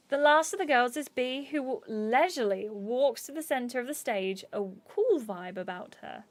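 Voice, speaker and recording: A woman livestreaming a dating game, reading the narration and speaking for the characters herself. Her voice sits a little high. Faint music plays behind her. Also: animated, moderate pace, hardly any pauses. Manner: reads narration and dialogue aloud, chatting with viewers. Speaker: gaming streamer.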